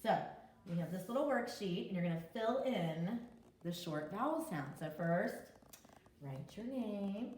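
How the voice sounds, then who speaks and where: A woman teaching preschoolers, slowly sounding out letters and short vowel sounds in a recorded lesson. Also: on the low side, expressive, a little mellow, reverberant, far from the mic, a little hiss or hum. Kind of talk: remote lesson for young children.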